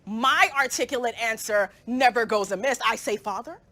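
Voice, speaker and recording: A woman's voice: a little high, moderate pace, a bit bright. A young woman, a student poet, performing spoken word poetry with a rhythmic, rhyming, emphatic delivery.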